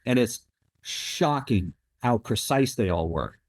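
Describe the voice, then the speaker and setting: A man's voice: medium pitch, lively intonation, slow, no echo. A man in his thirties hosting a podcast in casual conversation, rambling and jumping between thoughts with lots of fillers. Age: 30s. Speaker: podcast host. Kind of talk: casual interview chat.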